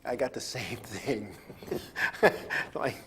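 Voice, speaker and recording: A man's voice: medium pitch, normal speed, a little mellow, slight background noise. A middle-aged man hosting a radio talk show, telling stories in a rambling way with many fillers and chuckles. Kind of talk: casual storytelling chat.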